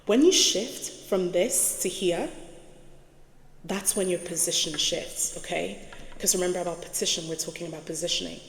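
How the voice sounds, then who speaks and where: Reflective woman host, low gravelly voice, leans on key words; echoey room with a long tail. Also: a little hiss or hum. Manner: slow, emphatic, repeats key words, asks "right?". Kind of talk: casual spoken reflection while writing on a board.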